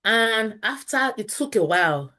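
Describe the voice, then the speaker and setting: A woman's voice: a little high, expressive, unhurried, pushed and bright. Nigerian woman telling her story. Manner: candid, earnest, slips into Pidgin phrases. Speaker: interview guest. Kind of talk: personal storytelling.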